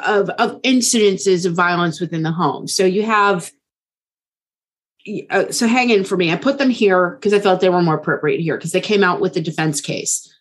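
Woman podcast host telling true crime, casual, keeps saying okay. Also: medium pitch.

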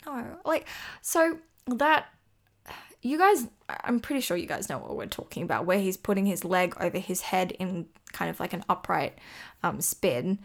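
A woman's voice: on the low side, sing-song, moderate pace, gravelly. A woman co-hosting a casual chat about figure skating, chatty and gushing with playful asides. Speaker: podcast co-host.

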